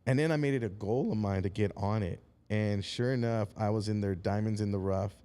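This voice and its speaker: A man's voice: on the low side, a little fast, dark tone. A middle-aged man from San Antonio, a comedian guest on a talk show, telling stories in a laid-back way and acting out the voices of the people in them. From San Antonio, Texas. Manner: laid-back storyteller who acts out voices in anecdotes. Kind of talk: casual chat, storytelling.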